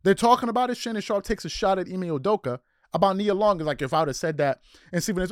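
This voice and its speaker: A man's voice: high voice, animated, quick pace, no echo, clean studio sound. A man hosting a sports commentary show, firing off incredulous rhetorical questions.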